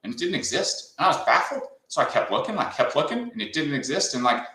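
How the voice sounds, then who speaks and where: A man's voice: a little high, sing-song, fast talker, pushed and bright, echoey room, poor audio. A man from Southern California, a company founder talking as a guest in a casual interview, telling stories and often adding "right?". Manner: storytelling, often tags lines with "right?".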